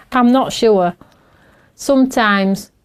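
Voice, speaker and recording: A woman's voice: on the high side, extremely slow, clean tone. A middle-aged woman, chatting and laughing as she hosts a craft show while she works. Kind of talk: casual chat while crafting.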